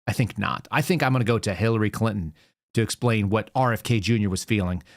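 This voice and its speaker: A man's voice: fairly low pitch, fast talker, dry recording. A man in his forties hosting a political commentary show, sarcastic and rambling, talking casually from a studio. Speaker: show host.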